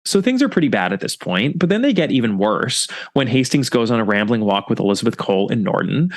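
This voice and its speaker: Guy on a book podcast, chatty and sarcastic, voice all over the place pitch-wise. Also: big pitch swings, fast. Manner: wry, chatty, sarcastic asides. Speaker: podcast host. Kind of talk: book review podcast narration.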